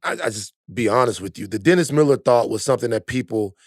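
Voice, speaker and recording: A man co-hosting a casual movie podcast, speaking in a measured, reflective way. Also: mid-range voice, no echo, studio quality. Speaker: podcast co-host.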